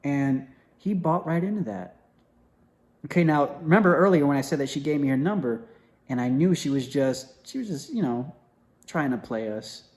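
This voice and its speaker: A young man telling a story in a casual, animated way, acting out what others said, with many fillers and restarts. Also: a little high, normal speed.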